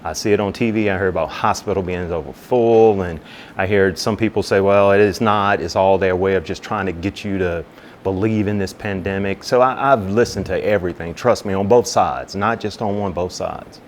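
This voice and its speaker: A man with a very low voice tells a personal story in an interview. He is relaxed and chatty and keeps slipping into the voices of the people he talks about. A faint low rumble sits under the recording. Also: moderate pace. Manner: animated storyteller who acts out both sides of conversations; relaxed, conversational, with many "you know" asides. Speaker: fire captain and business owner.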